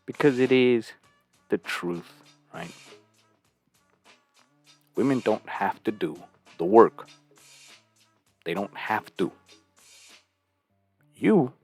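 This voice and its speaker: A man's voice: lowish voice, husky. A man hosting his channel and giving blunt, crude reaction commentary on clips, often tossing in a rhetorical "right?".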